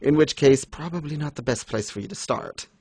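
A man casually chatting as co-host, animated and quick to laugh, acting out lines he retells. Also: a little high, breathy edge, no room sound. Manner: animated, laughs often, acts out quotes. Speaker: podcast co-host. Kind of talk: casual fan discussion.

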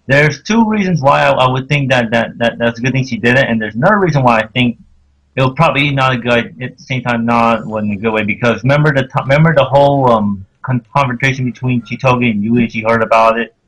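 A man co-hosting a casual chat, halting and repeating words as he thinks. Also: mid-range voice, a bit bright, slightly rough. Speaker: podcast co-host.

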